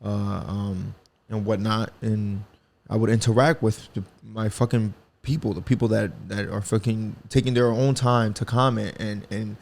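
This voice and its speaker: A man's voice: fairly low pitch, steady tone, measured pace, gravelly, a little mellow. A young man from the Bronx with a New York accent, hosting a solo podcast in a profane, rambling, casual way with lots of restarts and slang. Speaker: podcast host.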